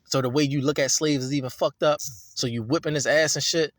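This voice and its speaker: A man's voice: medium pitch, steady tone, fairly quick, no echo, studio quality. A man reading scripture and breaking into an emphatic, profane, repetitive rant about it. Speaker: scripture reader and commentator.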